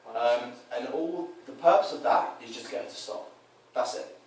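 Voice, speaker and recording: A man's voice: medium pitch, moderate pace, vocal fry. A man casually explaining his coaching approach, switching into quoted voices to act out scenes. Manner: animated, acts out quoted lines in changed voices. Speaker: dating coach. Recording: roomy echo, mic from a distance, faint noise.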